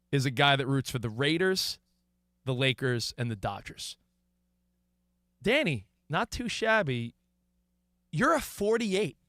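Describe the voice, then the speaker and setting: A man hosting a sports talk radio show, telling a story in an animated way with quoted asides. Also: fairly high pitch, dry recording, clean studio sound. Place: radio studio. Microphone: studio microphone.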